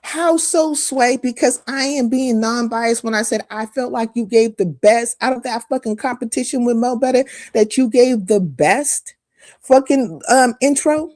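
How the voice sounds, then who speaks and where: A woman's voice: on the high side, moderate pace, darkish tone, no echo, clean studio sound. A woman hosting a live stream, delivering a heated, profane, confrontational rant full of mocking asides.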